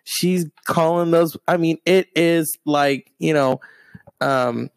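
A man's voice: a little high, slow pace, no echo. A young man telling rambling comic stories, meandering and full of wry asides that trail off and restart. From half Mexican.

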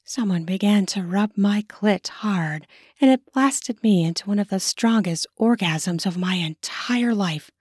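Woman reading her own erotic story on her podcast, close dry mic, mid pitch. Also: measured pace, darkish tone, husky, no echo. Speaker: author and podcast host.

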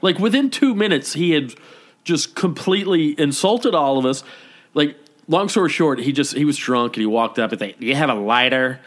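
A man co-hosting a casual podcast chat, telling a story with lively, animated delivery and acting out what people said. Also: normal speed. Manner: animated storytelling, acting out quoted lines with big pitch jumps. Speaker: podcast co-host. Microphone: podcast microphone.

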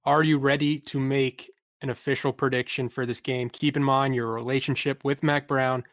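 A man's voice: mid-range voice, level tone, moderate pace, a bit bright, dry recording, studio quality. A man hosting a sports podcast, asking plain questions in a casual interview. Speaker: podcast host.

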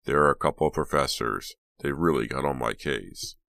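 Casting: man doing a brash young prankster, very deep voice, cocky talk, dry close sound. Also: moderate pace, gravelly, a bit bright, no echo, full character voice. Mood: defensive. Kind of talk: audiobook character voice.

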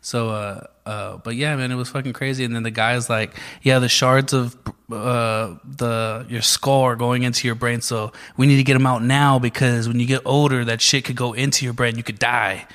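A man's voice: medium pitch, moderate pace, few pauses. A man in casual chat, telling a story with lots of swearing and acting out quotes. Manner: profane, animated storytelling, acts out quotes.

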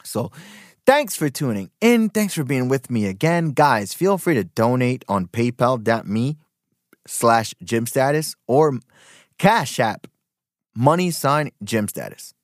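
A man's voice: medium pitch, sing-song, takes it slowly, dry recording, clean studio sound. A man hosting a podcast in a casual, rambling monologue full of profanity and emphatic asides. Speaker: podcast host.

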